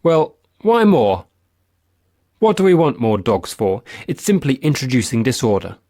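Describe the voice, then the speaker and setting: A man's voice: mid-range voice, sing-song, unhurried, warm tone, no echo, clean studio sound. A man voicing an imperious, irritable old woman who commands her household in a haughty, petulant way. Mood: cold, imperious.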